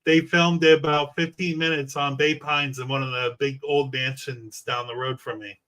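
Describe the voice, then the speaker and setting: A man's voice: mid-range voice, little pitch movement, normal speed, fairly bright tone, poor audio. A man from Florida hosting a casual interview over a video call, friendly and encouraging. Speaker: host.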